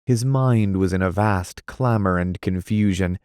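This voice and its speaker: A man narrating an audiobook in a measured, dramatic reading style. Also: low voice, darkish tone, clear, resonant tone, no echo, studio quality.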